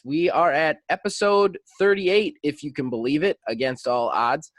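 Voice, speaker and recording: A man in his thirties hosting a podcast, telling a story in a lively, animated casual chat. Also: fairly high pitch, moderate pace, hardly any pauses, no echo. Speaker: podcast host.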